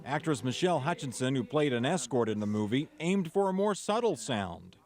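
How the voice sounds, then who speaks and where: A man from Minnesota narrating a TV news feature in a brisk, scripted reporter's delivery. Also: mid-range voice, very animated, darkish tone. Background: music.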